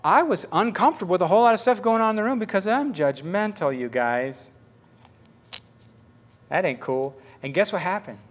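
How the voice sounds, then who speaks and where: A man preaching a storytelling sermon, acting out the dialogue in animated fashion. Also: high voice, normal speed.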